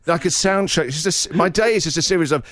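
A man's voice: a little high, quick pace, fairly bright tone, dry recording, clean studio sound. A radio host in his forties telling a self-mocking comic story, acting out voices and groans. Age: 40s.

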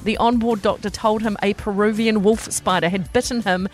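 A woman in her forties with a New Zealand accent, hosting a radio show and telling odd news stories in a lively way. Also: medium pitch, moderate pace, soft background music. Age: 40s. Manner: lively, animated storyteller. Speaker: radio host. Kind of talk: breakfast radio chat and news reading.

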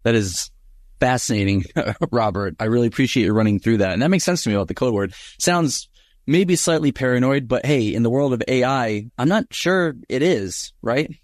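A man's voice: mid-range voice, expressive, normal speed, no room sound, clean studio sound. A man hosting an interview, asking friendly, thoughtful questions. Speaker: interview host.

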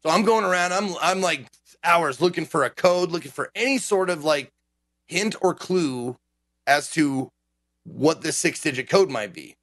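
A man's voice: on the high side, normal speed, dry recording. A man who streams games, ranting in a casual podcast chat and swearing often. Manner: animated ranting, frequent swearing. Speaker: game streamer.

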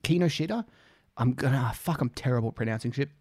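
A man's voice: mid-range voice, flat delivery, fast, darkish tone, no room sound, studio quality. An Australian man hosting a casual music reaction, rambling, swearing freely and joking at his own expense. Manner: rambling, swears freely, self-deprecating jokes.

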